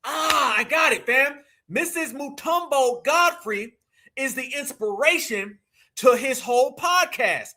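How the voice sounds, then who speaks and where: A man from the United States hosting a live commentary show, ranting in a loud, mocking way and often shouting. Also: very high voice, lively intonation, slow pace.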